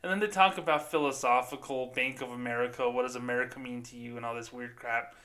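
A man's voice: medium pitch, steady tone, fast talker, sharp tone. A man hosting a podcast, ranting in a profane, sarcastic, mocking tone. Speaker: podcast host. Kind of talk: casual ranting commentary.

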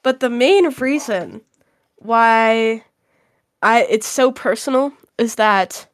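High-voiced young woman ranting animatedly. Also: slow pace, no room sound, studio quality. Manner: animated, exaggerated ranting with frequent "literally". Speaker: podcast co-host. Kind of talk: casual chat.

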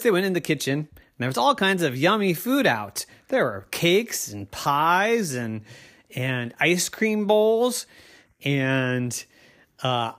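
A woman spins a bedtime story for children at an easy, unhurried pace. Her delivery is playful and sing-song, with pitch that swoops widely and sudden drops into soft whispers. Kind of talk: improvised bedtime story narration.

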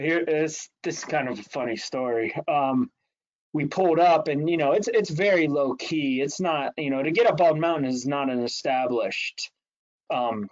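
A man telling a rambling story in casual chat. He laughs often and restarts his sentences a lot. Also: on the high side. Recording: slightly muffled lo-fi audio.

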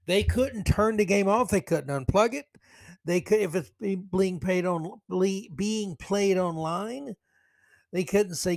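A man's voice: high voice, takes it slowly. A man hosting a solo opinion podcast, ranting sarcastically and hammering his key words. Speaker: podcast host.

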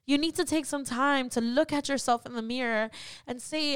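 Earnest high-voiced woman podcaster. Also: normal speed, clean tone, no echo, clean studio sound. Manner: earnest, encouraging, many "um" and "like" fillers. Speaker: podcast co-host. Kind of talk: personal faith podcast talk.

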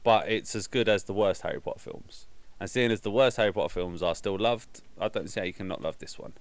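A man co-hosting a casual film review chat, arguing and cutting in with quick rebuttals. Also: fairly low pitch, dry recording. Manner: argumentative, quick to interrupt.

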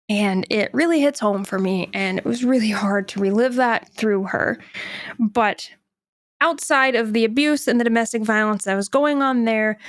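A woman's voice: fairly high pitch, no room sound, clean studio sound. A young woman hosting a solo podcast, speaking candidly and bluntly, and heated when she scolds. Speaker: podcast host.

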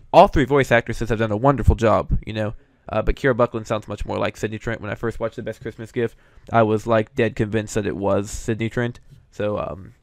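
A man's voice: fairly low pitch, no echo, clean studio sound. A young man hosting casual commentary, an opinionated, chatty fan. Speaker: show host reviewing voice actors.

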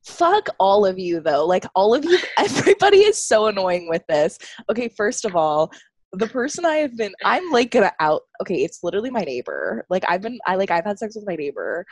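A woman's voice: medium pitch, big pitch swings, brisk, breathy edge, dry recording. Woman, podcast co-host, casual chat, candid, swearing, laughing, dry close sound. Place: home, lived in Los Angeles.

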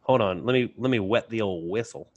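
Low-voiced joking man, dry sound. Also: fairly quick, no echo, dull audio. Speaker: podcast co-host. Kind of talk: casual chat. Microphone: video call.

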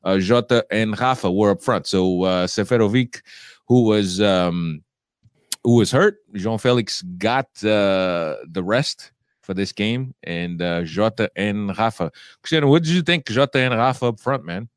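A man in his forties, hoarse from a cold, hosting a casual sports podcast with lots of halting fillers. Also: lowish voice, dry recording, clean studio sound. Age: 40s. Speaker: podcast host.

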